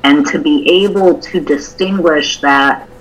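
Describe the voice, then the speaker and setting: A woman's voice: deep voice, a little slow, poor audio. A woman co-hosting a podcast, telling a personal story in a candid, open way during a casual conversation. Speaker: podcast co-host.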